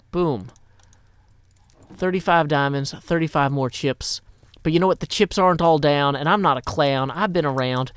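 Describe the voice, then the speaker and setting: A man from Tennessee chats his way through a live game stream, playful and quick with numbers, tired after a long day. His voice sits a little high. The sound is close and dry, with no room in it. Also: no room sound. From Nashville, Tennessee. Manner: playful, rhyming asides and quick number-talk. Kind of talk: casual live-stream chat.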